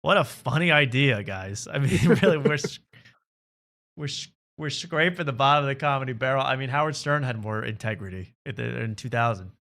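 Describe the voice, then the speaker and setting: A man's voice: medium pitch, a little fast, creaky, bright, forceful tone. A man hosting a comedy podcast, ranting sarcastically in casual chat. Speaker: host.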